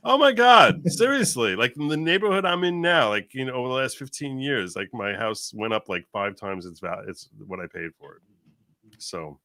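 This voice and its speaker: A man chatting casually as a guest, animated and rambling, with many restarts. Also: mid-range voice, moderate pace, no echo. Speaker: guest commentator. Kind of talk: casual chat.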